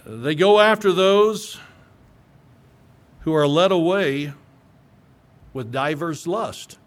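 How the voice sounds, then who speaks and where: A man's voice: on the high side, slow. A male pastor preaching a sermon in an earnest, conversational way that climbs into emphatic peaks.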